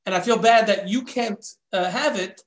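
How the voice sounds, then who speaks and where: A man's voice: high-pitched, normal speed, echoey room, natural voice. A man voicing a poor finder who apologizes but insists on keeping the money. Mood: apologetic. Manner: apologetic, self-justifying.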